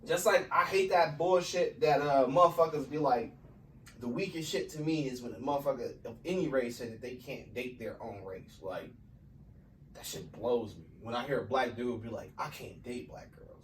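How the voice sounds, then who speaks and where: A man co-hosting a podcast in casual, profane chat, animated and often saying "you know what I'm saying". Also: mid-range voice, normal speed. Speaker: podcast co-host. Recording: echoey room, mic at a distance, faint noise.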